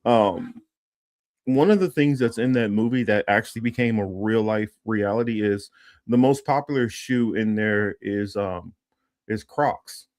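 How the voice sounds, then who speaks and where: A man's voice: on the low side, measured pace, darkish tone, no echo, clean studio sound. A man hosting a casual political livestream, talking with many fillers and restarts and reading news text aloud. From Los Angeles area. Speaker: political commentary host.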